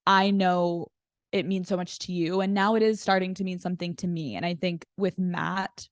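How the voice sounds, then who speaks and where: Podcast guest: woman, chatty storyteller, slightly low voice, dry close studio sound. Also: fairly even intonation, normal speed, dry recording. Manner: chatty storyteller with frequent "like" fillers. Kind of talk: casual chat.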